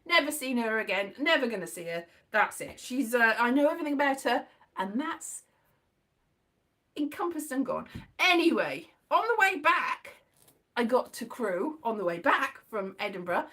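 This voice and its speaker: A woman with a high voice recounts a long story in a casual vlog. Her talk is rambling and animated, full of restarts and side comments, and her pitch leaps up and down with great expression. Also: normal speed. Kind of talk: casual anecdote telling.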